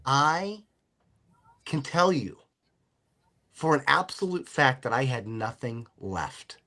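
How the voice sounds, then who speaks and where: A man's voice: medium pitch, sing-song, slow, pushed and bright. A middle-aged man hosting a podcast, telling rambling stories in casual chat with a joking manner. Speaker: podcast host.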